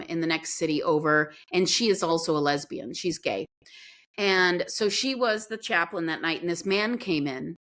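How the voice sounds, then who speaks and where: Earnest woman telling a story, lowish voice. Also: fairly bright tone. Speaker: podcast guest. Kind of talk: storytelling in an interview.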